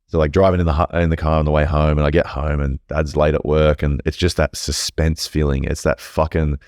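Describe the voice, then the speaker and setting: A man with a very deep voice tells a personal story as a podcast guest. He talks casually, rambles and swears freely. The sound is dry and close, with no room echo. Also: little pitch movement, fairly quick, darkish tone.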